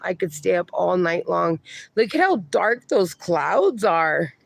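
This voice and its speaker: A man's voice: high voice, very animated, takes it slowly, vocal fry, no room sound. A middle-aged man livestreaming from his backyard at night, chatting affectionately and reading viewer comments aloud, with dogs around.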